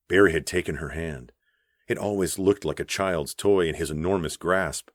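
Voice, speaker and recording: A man narrating an audiobook in a measured, even storytelling voice on a close studio mic. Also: low voice, no room sound. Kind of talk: scripted narration.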